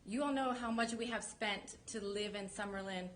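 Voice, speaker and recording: A woman's voice: mid-range voice, moderate pace, a bit bright. A woman giving public comment at a city council meeting, earnest and direct as she presses her concerns.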